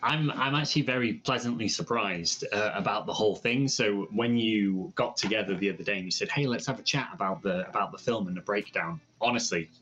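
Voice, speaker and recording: A man's voice: fairly low pitch, brisk, few pauses, fairly bright tone, lo-fi sound, faint music behind. A man with a Welsh accent, a guest in a casual review chat, playful and teasing.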